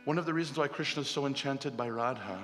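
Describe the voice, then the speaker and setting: A man retelling a devotional story in a casual, animated way to a festival gathering. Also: medium pitch, fast. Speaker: spiritual storyteller. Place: festival hall. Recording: long hall reverb, faint music.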